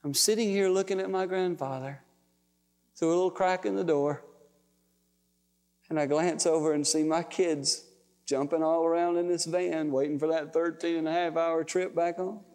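A pastor with a high-pitched male voice tells family stories in a folksy, emotional way. His sermon rings with long reverb, as in a large hall. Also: steady tone, normal speed, darkish tone, smooth. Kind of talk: storytelling sermon.

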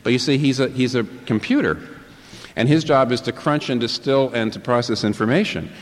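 A man's voice: mid-range voice, brisk. A man preaching a sermon to a live congregation, emphatic and fond of rhetorical questions that he answers himself. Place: large church hall with a live congregation. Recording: long reverb in a large hall.

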